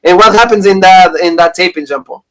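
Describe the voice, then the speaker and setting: A man's voice: high-pitched, brisk, a bit bright, low-quality recording. A man in his thirties from Pennsylvania, co-hosting a casual review chat and rambling through retold stories. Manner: rambling, retelling stories with quoted lines. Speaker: podcast co-host.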